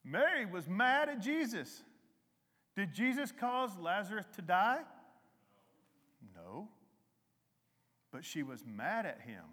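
A man preaching a conversational sermon to a congregation, with emphatic rises and a soft, slow hymn. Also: high-pitched, very animated, long reverb tail. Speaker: lay preacher. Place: church hall.

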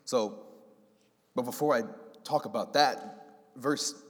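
A man preaching a sermon, animated and acting out the voices in his story. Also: mid-range voice, slow. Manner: animated, acts out voices of God and Adam. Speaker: pastor. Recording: long hall reverb.

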